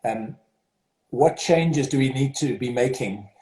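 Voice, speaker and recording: A mellow-voiced man with a South African accent speaks as a headmaster in an interview. He hesitates often, with fillers and restarts, and his voice sounds echoey in a roomy space. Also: mid-range voice, a little slow. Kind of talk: interview over video call. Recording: roomy echo.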